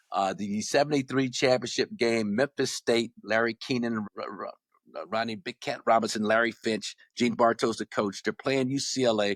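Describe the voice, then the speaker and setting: A man in his sixties from Los Angeles, a former basketball player telling stories as a podcast guest, animated and often repeating words as he restarts. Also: medium pitch, no echo, studio quality. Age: 60s. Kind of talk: casual storytelling.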